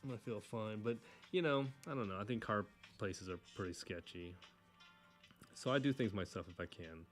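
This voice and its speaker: A man's voice: lowish voice, moderate pace, soft background music. A young man casually chatting while he draws, rambling and correcting himself as he goes. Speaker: artist drawing on camera. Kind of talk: casual chat while drawing.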